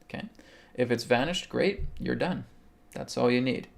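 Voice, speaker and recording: Gravelly-voiced man guiding a meditation. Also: mid-range voice, moderate pace. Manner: calm, instructive, repeats okay. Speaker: host and spiritual healer. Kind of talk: guided meditation and live Q&A.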